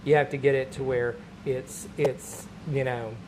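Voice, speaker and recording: A man, a stand-up comedian, telling a long anecdote in casual chat, animated and laughing between lines, with many fillers. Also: mid-range voice, measured pace, noisy background.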